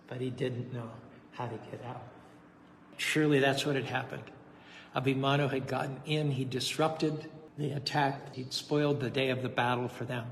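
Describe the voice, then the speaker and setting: Man preaching in an echoey temple hall. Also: a little high. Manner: dramatic, earnest retelling. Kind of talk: sermon with storytelling. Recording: echoey hall, faint noise.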